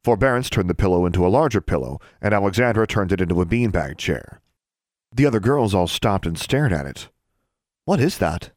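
A man narrating an audiobook in a calm storytelling manner. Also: deep voice, a little fast, dry recording.

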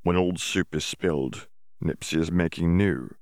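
A man's voice: sits low, a little slow, darkish tone, dry recording, clean studio sound. A man voicing a humble, earnest male house elf who speaks of himself in the third person with odd grammar.

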